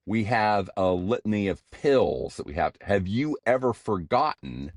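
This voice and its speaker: A man's voice: on the low side, expressive, dry recording, clean studio sound. An older man co-hosting a podcast, joking in playful banter. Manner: jokey, playful banter with quick laughs. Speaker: podcast co-host. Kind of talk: casual comedic chat.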